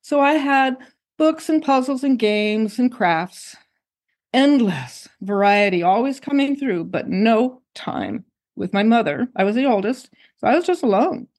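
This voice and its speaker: An older woman, a guest on an interview show, recounting her own memories in a reflective, unhurried way. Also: a little high, expressive, darkish tone. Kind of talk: personal recollection in an interview.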